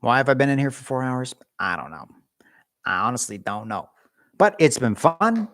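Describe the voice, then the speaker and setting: A man's voice: mid-range voice, sing-song, normal speed, a bit bright, no room sound. Rambling, jokey male livestreamer in a dry garage. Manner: rambling, jokey, self-mocking. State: cold. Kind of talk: casual livestream chat. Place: home garage.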